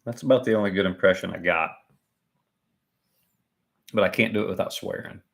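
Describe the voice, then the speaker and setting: Joking and laughing at his own expense, this livestream commentator talks through a sporting event in a chatty way. His voice is low and creaky, and he speaks a little fast.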